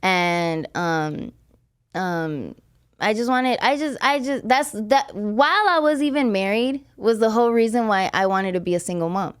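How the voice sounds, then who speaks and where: A woman's voice: mid-range voice, expressive, measured pace, smooth. A young adult woman hosting a podcast, telling a personal story in a blunt, profane, emotional confessional way. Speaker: podcast host. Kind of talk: casual podcast chat.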